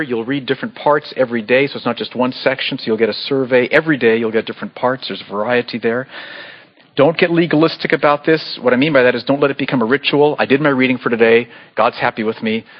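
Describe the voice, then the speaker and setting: A man preaching a sermon as pastor, earnest and pleading, with sudden animated bursts. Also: medium pitch, brisk, dull audio. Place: church sanctuary.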